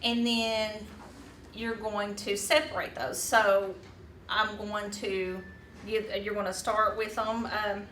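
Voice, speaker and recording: A woman's voice: medium pitch, flat delivery, takes it slowly, fairly bright tone. A woman leading a hands-on teaching workshop, talking casually with fillers and restarts. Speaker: teacher trainer. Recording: roomy echo, distant mic, faint room noise.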